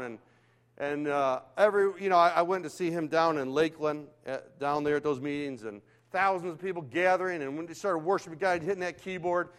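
Older guy preaching, highish voice, tells stories, goes quiet then loud. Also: a little fast. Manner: animated storytelling, swings between hushed and loud. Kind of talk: sermon.

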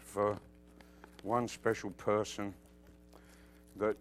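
A man preaching a sermon, emphatic and quoting scripture, who drops to a hush and then rises into loud bursts, with humorous asides. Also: on the low side, flat delivery, extremely slow, soft background music.

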